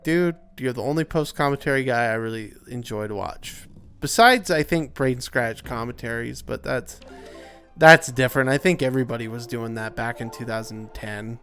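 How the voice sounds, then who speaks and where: A man's voice: mid-range voice, fairly bright tone. A young man giving casual, rambling gameplay commentary, tired and yawning, with lots of filler words. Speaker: let's play commentator.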